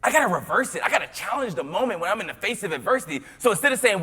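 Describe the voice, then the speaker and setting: A young man from Tennessee, giving a motivational keynote as a storyteller. He swings from loud to hushed and often repeats his words. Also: high-pitched, big pitch swings, racing, husky. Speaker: motivational speaker. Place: large conference hall. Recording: long hall reverb.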